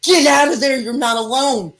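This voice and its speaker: A woman's voice: high voice, normal speed, fairly bright tone, pitched above the performer's own voice. A woman voicing a frantic female teammate who leaves an urgent, pleading voicemail and repeats herself.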